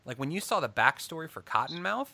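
A man's voice: fairly high pitch, very animated, fast talker, gravelly, bright, forceful tone, no echo. A man hosting a casual podcast chat, telling stories animatedly and laughing often.

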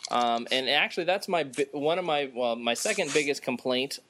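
A man's voice: mid-range voice, lively intonation, normal speed, background noise. Rambling, profane man in casual chat. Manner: rambling, profane, filler-heavy. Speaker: podcast co-host.

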